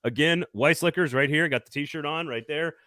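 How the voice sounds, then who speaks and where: A man's voice: a little high, normal speed, bright, forceful tone, no room sound, studio quality. A man hosting a casual sports talk show, upbeat and jokey, laughing often and doing sponsor reads. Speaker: podcast host.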